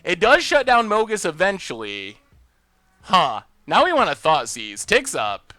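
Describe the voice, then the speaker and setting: A man hosting a live game stream, thinking out loud about his plays and bursting into loud cheers when things go his way. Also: high voice, wildly swooping pitch, unhurried, no room sound, studio quality. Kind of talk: live gameplay commentary.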